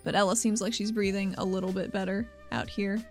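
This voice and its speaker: A woman's voice: medium pitch, fairly even intonation, fairly quick, soft background music. A woman narrating as game master in a tabletop game, in a casual and laid-back way.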